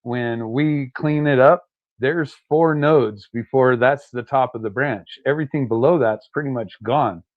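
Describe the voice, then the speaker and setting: A man's voice: medium pitch, a little slow, no echo, muffled recording. A man co-hosting a casual chat, easygoing and matter-of-fact.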